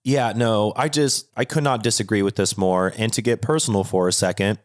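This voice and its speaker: A young man co-hosting a podcast, chatting casually with animated, profane rants. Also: lowish voice, brisk. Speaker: podcast co-host. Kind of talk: casual chat.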